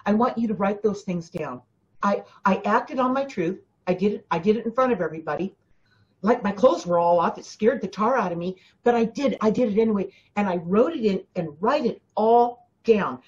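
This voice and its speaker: A woman's voice: mid-range voice, animated, a little fast, muffled recording. A woman hosting a spiritual coaching talk, speaking emphatically to her listeners, often repeating herself and addressing them directly. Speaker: spiritual teacher and host.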